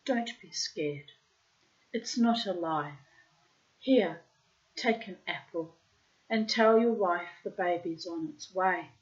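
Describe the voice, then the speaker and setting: A woman's voice: fairly low pitch, slow pace, pauses often, dull audio. A woman reading aloud and voicing a jovial, teasing male God who coaxes and roars with laughter. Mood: coaxing. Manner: hearty, coaxing, bursts into roaring laughter.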